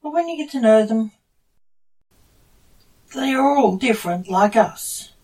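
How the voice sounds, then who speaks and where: An impatient grey alien diplomat, voiced by a woman reading aloud. He urges and hurries, his lines a bit quicker and higher than the narration. The voice sits a little away from the mic. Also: animated, mellow, distant mic. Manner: brisk, urging.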